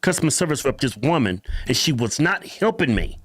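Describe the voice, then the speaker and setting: A man co-hosting a casual podcast chat, telling stories in an animated way, laughing often and restarting his sentences. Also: mid-range voice, brisk, slightly rough. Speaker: podcast co-host.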